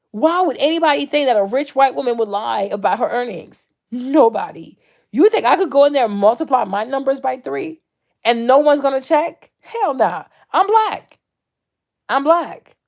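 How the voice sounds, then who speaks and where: Gravelly-voiced woman vlogging. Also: sits high, normal speed. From Ivory Coast. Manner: animated, mocking impressions, frequent "right?". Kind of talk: casual monologue to camera.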